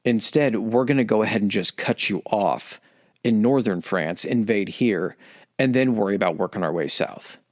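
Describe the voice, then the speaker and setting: A man co-hosting a history podcast, chatting casually and acting out historical figures in quick put-on voices. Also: fairly low pitch. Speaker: podcast co-host.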